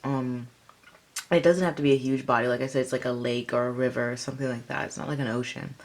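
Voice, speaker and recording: A woman's voice: extremely low pitch, fairly even intonation, quick pace. A woman giving a casual tarot reading, rambling with lots of fillers. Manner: rambling, filler-heavy, chatty. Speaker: tarot reader.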